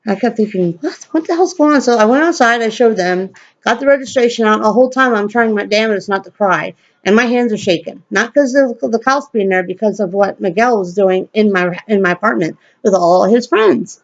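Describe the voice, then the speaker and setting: A woman telling a story to a camera at home, blunt and profane, acting out quoted lines in a higher voice. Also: dull audio. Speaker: vlogger. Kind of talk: casual storytelling rant.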